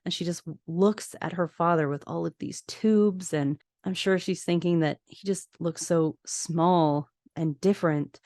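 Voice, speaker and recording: A woman podcast host talking close to her microphone in a dry, deadened space. Her voice sits a little low, and she recaps a TV episode in a chatty, expressive way. She switches easily between telling the plot and giving her own opinions. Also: a little slow, few pauses, no room sound.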